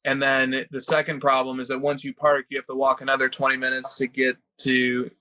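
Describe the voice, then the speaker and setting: Bright-voiced man in casual chat. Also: mid-range voice, monotone, fairly quick, low-quality recording. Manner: wry, reads out listener questions. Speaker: co-host of a collecting podcast.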